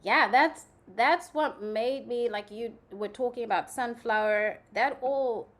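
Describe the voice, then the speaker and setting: A young adult woman from Zimbabwe, a guest in an interview, telling her story in a chatty, animated way full of "like" fillers. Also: on the high side, measured pace. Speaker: guest, playwright and actress. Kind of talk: casual conversational interview.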